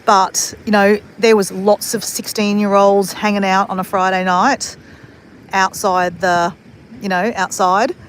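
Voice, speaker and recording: A woman's voice: mid-range voice, level tone, unhurried. Aussie lady rambling thru a travel story, laughs a lot, faint traffic noise behind. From Australia. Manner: chatty, rambling, swears casually, laughs often. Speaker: vlogger. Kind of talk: casual storytelling to camera.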